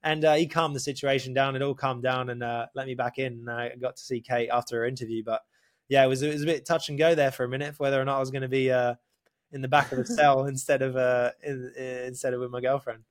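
A man telling a story in casual podcast chat, animated, swearing often and calling the listener mate. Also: medium pitch, fast. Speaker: podcast guest.

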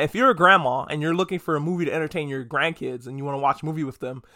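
A man talking through a movie review in a casual, enthusiastic way, swearing freely and drifting off on tangents. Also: fairly high pitch. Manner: chatty, profane, wanders off on tangents; enthusiastic, lively delivery. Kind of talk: casual spoken film review.

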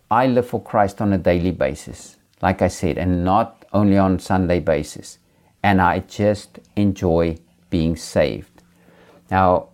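A low-voiced man from Africa preaches and tells a personal testimony. He speaks earnestly and without hurry, circling back over his own words as he goes. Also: a little mellow.

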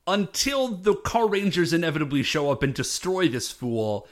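Animated man recapping a show. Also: on the high side, moderate pace, hardly any pauses. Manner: animated, acts out characters' lines. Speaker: podcast co-host. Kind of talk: casual chat recapping a TV episode.

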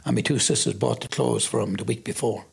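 An Irish man recounts his past in an interview. His voice is deeply gravelly and thick with rasp, at a middling pitch, and he livens up when he acts out his own words. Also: a little fast. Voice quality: gravelly and husky. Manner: storytelling, animated when quoting himself. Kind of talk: personal testimony.

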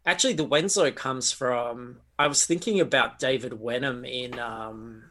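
A man speaking at a middle pitch in a relaxed interview chat. He muses his way through answers, pausing on fillers and restarting his sentences as he thinks. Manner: reflective, rambling, with many fillers and restarts. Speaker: tabletop game master, interview guest.

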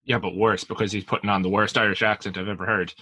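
Low-voiced man, hedging podcast chat. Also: level tone, bright, forceful tone, breathy edge, no echo. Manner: hedging, filler-heavy, measured. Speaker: podcast co-host. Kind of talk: casual film review chat.

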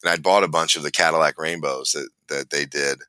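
A man's voice: rumbling low, steady tone, brisk, sharp tone, clear, resonant tone, no room sound. A middle-aged man telling a long personal story in casual conversation, rambling and acting out what people said, with lots of fillers. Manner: rambling, re-enacts dialogue with fillers. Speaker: guest storyteller.

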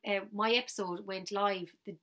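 A woman's voice: medium pitch, fairly even intonation, normal speed, bright, forceful tone, a little hiss or hum. An Irish woman in her thirties, co-hosting a podcast and telling stories in casual chat, sometimes dropping to a whisper. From Ireland. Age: 30s. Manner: chatty, storytelling, drops into whispers. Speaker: podcast co-host.

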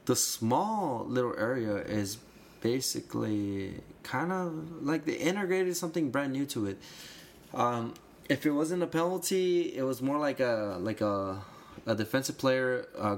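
A man's voice: mid-range voice, expressive, moderate pace. A man in casual conversation explaining soccer rules, rambling and restarting phrases, with emphatic bursts. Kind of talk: casual chat.

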